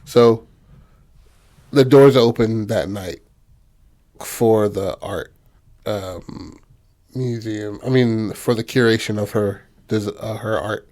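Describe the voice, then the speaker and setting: A man's voice: lowish voice, takes it slowly, long pauses, darkish tone. A man hosting a podcast, retelling a film in loose, slangy casual chat full of fillers. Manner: loose and slangy, heavy on fillers like "you know".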